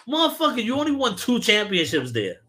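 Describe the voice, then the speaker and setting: A man's voice: mid-range voice, lively intonation, normal speed, bright, forceful tone. A man from Brooklyn, hosting a casual podcast and ranting about sports in heated, profane talk. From Brooklyn, New York. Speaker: podcast host.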